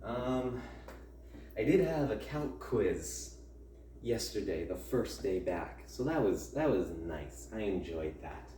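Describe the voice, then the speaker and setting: Young male student vlogger, low mellow voice, griping, set back from the mic in an echoey room. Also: sing-song, takes it slowly, a little hiss or hum. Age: young adult. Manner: rambling, grumbling rants with many fillers. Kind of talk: casual chat during a home workout. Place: at home. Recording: roomy, distant mic, faint ambience.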